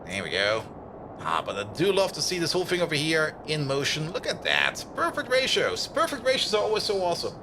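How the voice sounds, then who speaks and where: A man's voice: fairly high pitch, wildly swooping pitch, fairly quick, noisy background. A young man, a native German speaker with a German accent, chatting casually with his viewers while playing a game on a live stream. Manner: chatty, answers chat, hums and laughs while playing.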